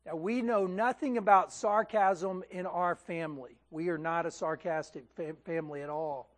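A male pastor preaching a sermon in a lively, conversational way, often checking in with his listeners and restarting his phrases. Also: high voice, moderate pace.

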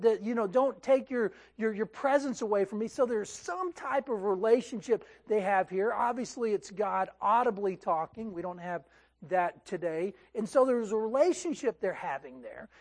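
This man's voice sits high as he preaches a sermon, lively and conversational. Along the way he regularly checks in with listeners and restarts what he's saying.

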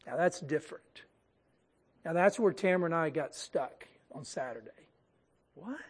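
A woman teaching a casual Bible study, talking straight to her group in an animated, conversational way. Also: low voice, normal speed, pauses often, slightly rough.

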